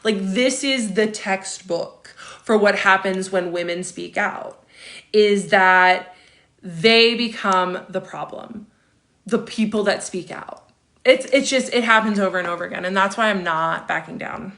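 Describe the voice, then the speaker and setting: A woman's voice: mid-range voice, a bit bright. A woman in her thirties hosting a casual livestream, reading viewer comments aloud and answering them with chatty asides and frequent laughs. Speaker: livestream host.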